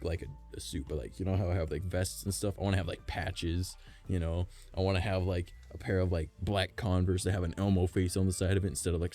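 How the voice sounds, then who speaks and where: A man's voice: deep voice, darkish tone. A man streaming casually, rambling and swearing with a strained, worn voice, faint music behind him. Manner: rambling, profane, laughs often. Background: faint background music.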